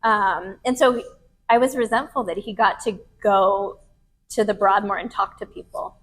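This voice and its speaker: A woman's voice: medium pitch, fairly even intonation, normal speed. A woman in her thirties, a podcast host telling a candid personal story to a live group in a casual, frank way. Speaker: podcast host and retreat leader.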